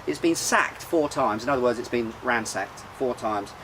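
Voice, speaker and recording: A man's voice: medium pitch, moderate pace, a bit bright, a little hiss or hum, low-quality recording. A man hosting a casual beer show outdoors, talking in a rambling, chatty way with lots of fillers and restarts. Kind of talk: casual chat about beer. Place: outdoors in sunshine.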